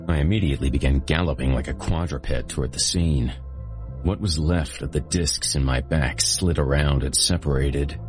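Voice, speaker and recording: A man with an extremely low, deep voice tells a first-person story in a grim, steady way. Faint music runs quietly behind his narration. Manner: grim, steady, graphic telling.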